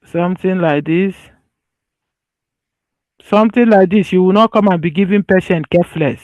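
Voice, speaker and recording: High-voiced man lecturing, repeating for emphasis. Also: moderate pace, dry recording, highs cut off. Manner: conversational, loose phrasing with restarts. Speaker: medical lecturer. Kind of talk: slide-based teaching.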